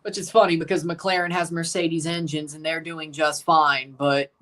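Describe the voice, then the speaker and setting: A man's voice: on the high side, flat delivery, moderate pace, few pauses, pushed and bright. Man, streamer, live match watchalong, casual, rambling, sarcastic, swears freely. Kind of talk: casual live reaction chat.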